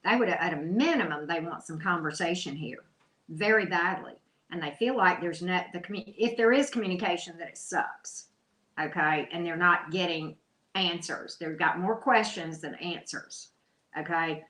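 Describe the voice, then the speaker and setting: Woman tarot reader, chatty and blunt, teasing tone, bright forward voice, echoey room. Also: fairly low pitch, normal speed. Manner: chatty, blunt and teasing, calls listeners love and baby. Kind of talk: casual tarot reading for viewers.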